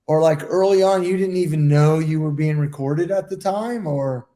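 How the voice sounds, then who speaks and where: A man's voice: on the high side, normal speed, dark tone. A man co-hosting a casual round-table podcast, an emphatic talker who swears freely and holds the floor at length. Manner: emphatic, profane, talks at length. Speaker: podcast co-host, goalkeeper.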